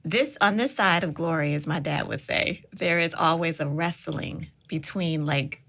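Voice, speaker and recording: A woman co-host with a slightly low voice and a bright, forceful tone. She reads out listener questions in a casual podcast chat and responds with warm encouragement. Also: measured pace, vocal fry.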